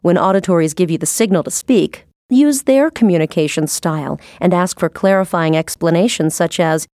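A woman reading a scripted sales training narration in a measured, instructive way. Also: lowish voice, a little mellow, dry recording, clean studio sound.

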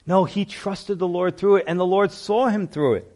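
A man with a fairly high-pitched voice delivers a sermon. He speaks earnestly and reads scripture passages aloud with firm emphasis. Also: animated, moderate pace, darkish tone. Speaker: preacher.

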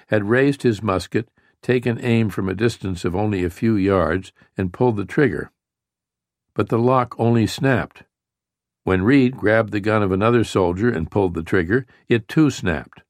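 A man reading a history book aloud in a measured, even storytelling manner. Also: on the low side, no room sound, studio quality. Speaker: audiobook narrator. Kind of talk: scripted history narration.

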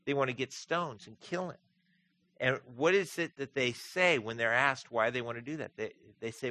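A man speaking at normal speed gives an earnest sermon as pastor. Emphatic peaks alternate with low, quiet passages when he turns to scripture.

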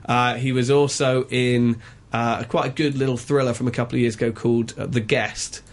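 A man's voice: mid-range voice, steady tone, a little fast. A man reviewing a film in a casual radio chat, opinionated and chatty, with frequent ums and uhs.

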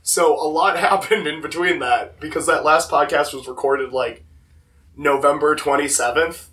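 A young man with a slightly hoarse voice, telling stories casually on a podcast with lots of "like". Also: on the high side, steady tone, normal speed, fairly bright tone. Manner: rambling, lots of "like". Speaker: podcast co-host. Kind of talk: casual storytelling chat. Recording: voice distant from the mic.

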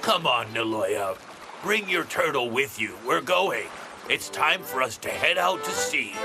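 An actor playing a kindly, tender old grandfather in a cartoon, speaking slowly. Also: medium pitch, sing-song, music in the background. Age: older.

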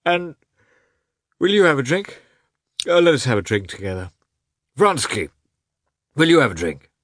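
Guy putting on a high whiny hungover young officer, lazy and teasing, bounces all over. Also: sing-song, normal speed, a bit bright, dry recording, clean studio sound. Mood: playful. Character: groggy hungover young male officer, playful.

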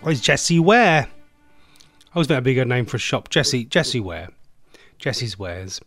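With faint music behind him and no echo, an English adult, a former smoker, runs a casual solo phone-in show on online radio. He's animated and fairly quick, his medium-pitched voice fairly bright, as he chats and rambles, often cutting himself off mid-sentence.

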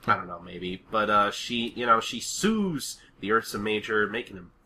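Bright-voiced man rambling through a podcast recap. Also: fairly low pitch, expressive, moderate pace, a little hiss or hum. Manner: loose, rambling, swears casually, laughs often. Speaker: podcast co-host. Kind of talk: casual chat recapping a cartoon episode.

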